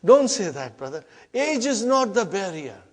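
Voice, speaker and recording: A man's voice: sits high, very animated, moderate pace. A middle-aged man teaching an Arabic grammar lesson to a class, repeating terms, chanting drills and checking often that everyone is following.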